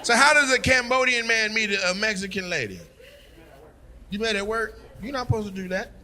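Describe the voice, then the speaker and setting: A man's voice: high voice, fairly quick, sharp tone, a little hiss or hum. Brash teasing man doing crowd work. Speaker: stand-up comedian. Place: comedy club stage with audience. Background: audience laughter.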